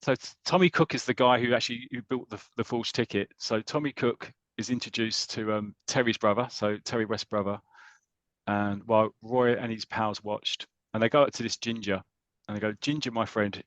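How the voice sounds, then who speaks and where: A British man on a podcast, casually retelling a football comic story with lots of ums and restarts, dropping into quick voices for the characters. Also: fairly low pitch, steady tone, fairly bright tone, no echo. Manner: chatty, hesitant with many ums and restarts, slips into voices for the characters. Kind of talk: casual chat.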